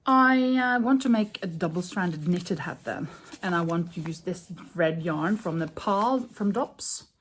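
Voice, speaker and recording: A woman's voice: mid-range voice, slight background noise. Chatty woman thinking aloud while crafting. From Norway. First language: Norwegian. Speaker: crochet vlogger. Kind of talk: casual crafting vlog.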